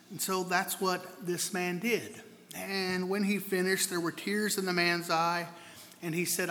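A man's voice: high voice, flat delivery, a little slow, sharp tone. A man preaching a sermon in an earnest way, often repeating the first words of a phrase as he tells stories. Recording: long hall reverb, faint room noise.

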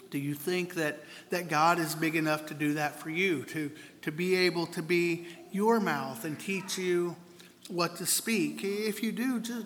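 A man's voice: fairly high pitch, a bit bright. A man preaching a sermon in an earnest way, often repeating the first words of a phrase as he tells stories. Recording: long hall reverb, faint room noise.

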